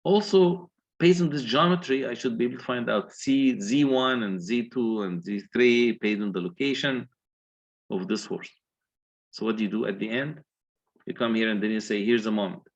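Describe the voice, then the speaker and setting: In dull-sounding audio, a man of medium pitch talks at a moderate pace. He is giving an engineering lecture, going methodically through the calculations one step at a time and asking the class questions.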